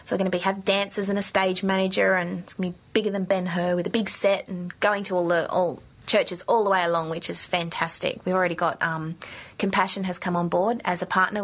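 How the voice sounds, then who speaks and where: Bright-voiced, bubbly woman, a middle-aged puppeteer guest on radio. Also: lowish voice, fairly quick. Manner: bubbly, animated, laughs often. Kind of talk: radio interview chat.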